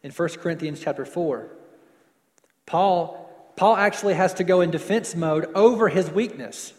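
A man preaching a sermon, stretching words for emphasis and dropping to softer closing lines. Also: high voice, in a large hall. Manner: preaching with slowed emphasis and falling soft endings. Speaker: pastor.

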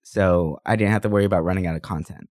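A man with a very low voice co-hosts a casual podcast while sick. He rambles enthusiastically with plenty of fillers. The recording is dry and close on a podcast mic. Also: steady tone, quick pace, darkish tone, no echo. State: sick, under the weather. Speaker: podcast co-host. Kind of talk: casual chat. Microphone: podcast microphone.

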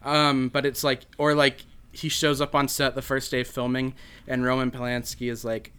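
A man's voice: mid-range voice, flat delivery, a little fast, fairly bright tone, clean tone. A man hosting a podcast, telling rambling, crude, absurd comedy bits in casual chat. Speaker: podcast host.

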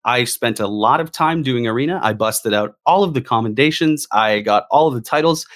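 A man with a mid-range voice talks in a casual discussion. He is animated and emphatic, and his voice jumps up when he gets excited. He stacks repeated phrases to drive his points home. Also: medium pitch, normal speed. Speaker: guest gamer.

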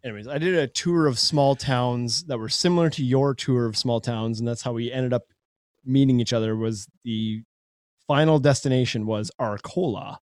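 A man from Saskatchewan, co-hosting a casual podcast, chatty and quick to laugh while telling stories. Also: medium pitch, a little mellow, no room sound. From Saskatchewan, Canada. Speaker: co-host.

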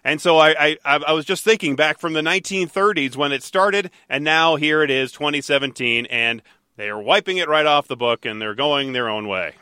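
A man hosting a talk radio show, chatting and teasing his co-host in a lively, animated way. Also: a little high, fairly quick, clean tone, dry recording, studio quality. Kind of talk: casual talk radio banter.

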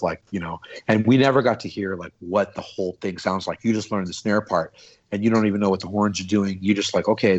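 A man's voice: fairly low pitch, highs cut off. Rambling man telling drum corps stories. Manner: rambling, animated, with frequent restarts and fillers. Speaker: podcast guest, former drum corps snare drummer. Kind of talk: casual storytelling chat.

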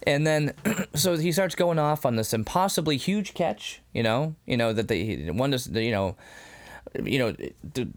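A man's voice: medium pitch, a little slow. A man co-hosting a podcast in casual chat, retelling scenes with lots of laughter and stop-start phrasing. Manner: animated retelling, laughs often; many fillers and restarts. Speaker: podcast co-host.

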